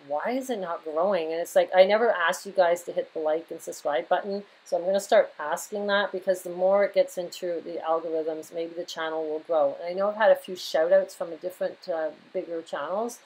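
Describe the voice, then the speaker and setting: A woman's voice: on the low side, a little mellow, poor audio. A woman hosting her own astrology and tarot channel, talking casually and loosely to her viewers, with frequent "right?" and "you know" asides.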